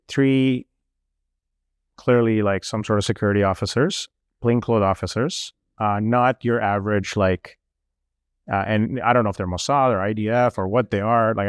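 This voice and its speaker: A young man telling a travel story in casual chat, animated and full of fillers. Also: lowish voice, clear, resonant tone, dry recording, studio quality. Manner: animated, lots of fillers, mimics officials.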